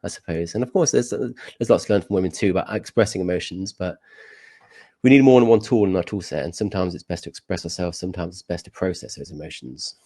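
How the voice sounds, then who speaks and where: A young man speaking as a podcast guest, reflective and measured, hedging his points in casual conversation. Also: low-pitched, mellow, dry recording. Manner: reflective, measured, with many hedges.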